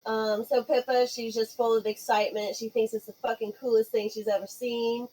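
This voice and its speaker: Female player, excited casual talk, swears freely. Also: on the high side, moderate pace, rough recording. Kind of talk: casual chat in a tabletop game.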